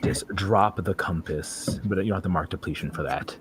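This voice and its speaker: A man working as game master, explaining rules and describing scenes in a relaxed way. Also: low voice, normal speed, slight background noise. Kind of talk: running a tabletop game.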